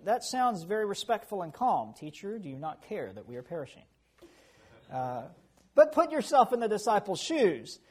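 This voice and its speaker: A man preaching a sermon who tells animated stories with chuckles and asides. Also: sits high, breathy edge. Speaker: pastor.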